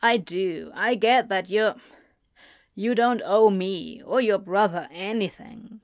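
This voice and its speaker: A woman voicing a middle-aged male doctor who speaks in a halting, apologetic way, read slowly and dry. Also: medium pitch, no room sound, lightly acted. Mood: earnest.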